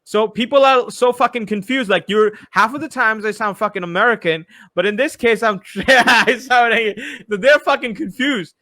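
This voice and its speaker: Brief: young Bengali-speaking male host, casual chat, profane, lively, high voice, dry close sound. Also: moderate pace, few pauses, dry recording. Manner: animated, profane, mixes in imitated voices.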